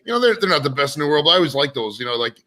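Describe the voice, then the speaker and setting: Man, rapid and bright, animated rambling storyteller. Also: on the high side. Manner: fast, animated storytelling with filler "like". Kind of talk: casual chat.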